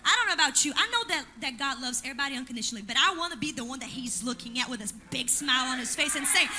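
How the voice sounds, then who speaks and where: A woman's voice: sits high, animated, rapid-fire, hardly any pauses, over music. A woman pastor, preaching a sermon in church with emphatic delivery and call-and-response asides.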